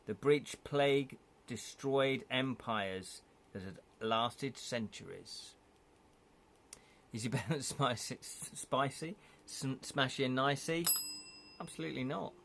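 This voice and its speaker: Unhurried guy reading a choose-your-path book on stream, jokey asides, bit of hiss behind. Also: mid-range voice. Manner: chatty, laughs often, reads aloud with asides. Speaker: streamer reading an interactive gamebook. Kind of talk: live-streamed gamebook reading and viewer chat.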